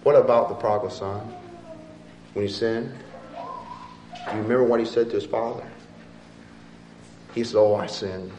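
A man preaching a sermon in a church, swinging between loud, pleading appeals and quiet, soft asides. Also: wildly swooping pitch, normal speed, long pauses, background noise. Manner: rises to loud impassioned appeals, then drops low and soft. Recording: echoey room from far off.

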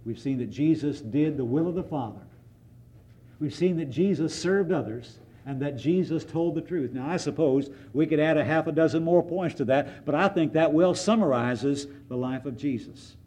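A man's voice: on the high side, moderate pace, warm tone, roomy sound, rough recording. A man preaching a sermon, reading scripture aloud and explaining it in an earnest, emphatic way.

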